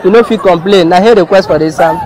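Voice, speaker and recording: This is a man with a Nigerian Pidgin English accent, telling a funny story playfully. His voice is high, and his delivery is animated. He is outdoors, with a crowd audible around him. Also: quick pace, low-quality recording. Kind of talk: comic storytelling.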